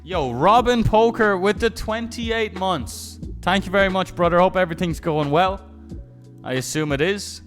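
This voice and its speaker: A man's voice: high-pitched, moderate pace, a bit bright, soft background music. A young man live-streaming, telling rambling, profane stories in casual chat and often restarting his sentences.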